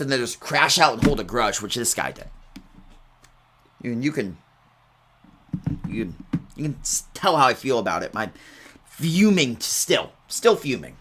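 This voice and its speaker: A man's voice: fairly high pitch, noisy background. A young man telling rambling, casual stories at halftime of an online game broadcast, with bursts of exaggerated outrage.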